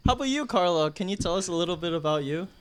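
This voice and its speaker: A man's voice: high voice, expressive, racing, clean tone. A man from New Jersey hosting a podcast, leading a casual group chat with teasing remarks. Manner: teasing, leads the talk. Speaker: podcast host.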